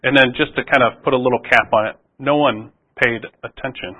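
A man's voice: mid-range voice, steady tone, fairly quick, dull audio. A man preaching a sermon in a conversational way, often restarting phrases and asking rhetorical questions.

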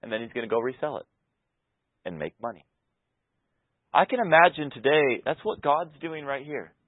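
A pastor preaching a sermon, moving between loud, passionate peaks and soft, intimate stretches. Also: male voice, mid-range voice, lively intonation, moderate pace, dry recording. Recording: tinny phone-like sound.

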